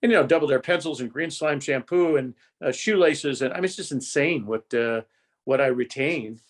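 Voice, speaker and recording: A man's voice: medium pitch, normal speed. An older man from Indiana, a guest telling long, rambling stories in a casual podcast interview, with lots of restarts. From Indiana, USA. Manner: rambling storyteller, chatty with many restarts. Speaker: guest, former game show host.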